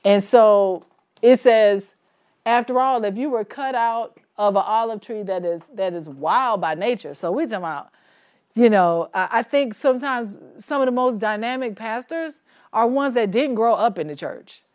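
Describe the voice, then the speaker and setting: A woman leading a church Bible study in a relaxed, conversational way, asking the group questions and laughing easily. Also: fairly high pitch, normal speed, clear, resonant tone.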